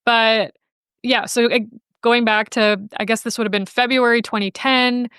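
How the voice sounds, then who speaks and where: A woman's voice: a little high, fairly even intonation, moderate pace, a bit bright, clean tone, no echo, clean studio sound. A woman guest in a casual podcast interview, telling a personal story in a chatty, emotional way and mimicking the voices of others. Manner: chatty and emotional, quotes people in playful voices. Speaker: podcast guest, animal welfare researcher.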